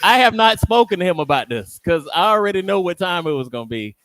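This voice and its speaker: Smooth-voiced guy hosting, slightly high, playful and teasing, super dry sound. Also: very animated, quick pace, fairly bright tone, no room sound. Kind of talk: casual radio panel talk.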